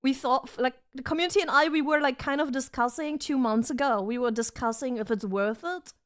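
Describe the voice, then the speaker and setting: Young woman, high voice, giggly casual streamer chatting from her desk. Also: a little fast, fairly bright tone. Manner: bubbly, giggly, reads chat aloud. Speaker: vtuber streamer. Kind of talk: casual live-stream chat. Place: home desk setup.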